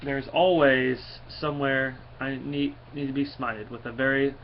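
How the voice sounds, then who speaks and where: A man's voice: medium pitch, fairly even intonation, measured pace, a little hiss or hum, natural voice. A man voicing a boastful, hearty male thunder god from a comic, speaking in a proclaiming way. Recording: dull lo-fi recording.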